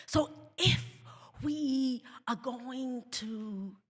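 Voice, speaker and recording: A South African woman giving a keynote speech, deliberate, dropping into mocking voices when she quotes others. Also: high-pitched. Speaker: keynote speaker. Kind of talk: public speech. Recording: reverberant hall.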